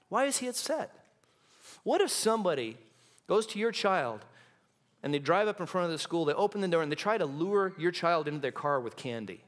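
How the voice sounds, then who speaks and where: A male pastor preaching a sermon in a church, impassioned and building to dramatic intensity. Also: high-pitched. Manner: acts out quoted lines in hushed and shouting voices. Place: church sanctuary.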